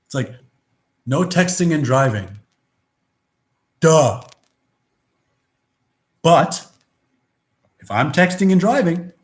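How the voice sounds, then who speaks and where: A man giving a rambling, philosophical monologue, blunt and profane, with many restarts. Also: fairly high pitch. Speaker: vlogger. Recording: roomy echo.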